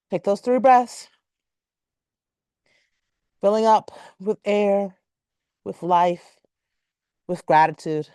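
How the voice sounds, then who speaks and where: A woman teaching a yoga class, giving calm, measured cues timed to the breath and stretching out repeated words. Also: medium pitch, smooth, no echo, clean studio sound. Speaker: yoga instructor.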